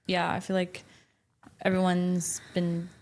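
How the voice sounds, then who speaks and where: A woman's voice: on the low side, monotone, slow, darkish tone. A young adult woman co-hosting a podcast, chatting enthusiastically and giving travel tips. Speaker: podcast co-host. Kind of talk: casual chat.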